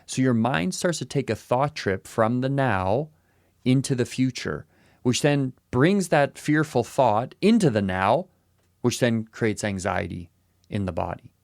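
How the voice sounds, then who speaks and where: A man's voice: medium pitch, expressive, unhurried, gravelly, a little mellow, dry recording, clean studio sound. A man co-hosting a podcast who muses in casual talk and repeats short phrases as he works through an idea. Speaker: podcast co-host. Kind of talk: casual reflective chat.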